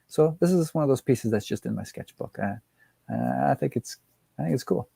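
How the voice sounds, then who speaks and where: Rambling man with a mellow voice. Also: mid-range voice, expressive, fairly quick, vocal fry, breathy edge, no room sound. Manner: rambling, laughs often, many restarts. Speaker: guest comic art collector. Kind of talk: casual chat.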